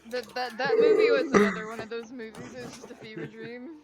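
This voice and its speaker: A woman's voice: a little high, steady tone, fast, darkish tone. A woman playing in a live-streamed tabletop game, chatting casually. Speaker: player.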